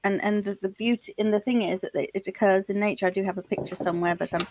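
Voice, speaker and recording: A woman's voice: mid-range voice, steady tone, fast talker, background noise. A woman hosting a live online maths lesson, chatting with her guest and thinking aloud.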